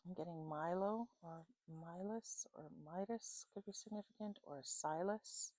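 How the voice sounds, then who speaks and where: Mellow-voiced woman giving a psychic reading. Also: lowish voice, no room sound, rough recording. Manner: unhurried, many fillers and "okay?" check-ins. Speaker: psychic reader. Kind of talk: intuitive reading monologue.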